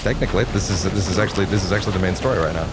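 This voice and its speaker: A man's voice: sits low, rapid-fire. A man streaming a video game, joking wryly and thinking aloud as he plays. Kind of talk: gameplay commentary. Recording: loud game music and sound behind.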